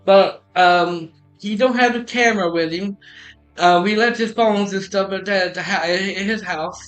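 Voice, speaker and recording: High, bright-voiced man rambling through a story. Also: faint music behind, low-quality recording. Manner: halting, repeats and restarts phrases, quotes others in dialogue. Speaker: podcast host telling a story. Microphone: streaming mic.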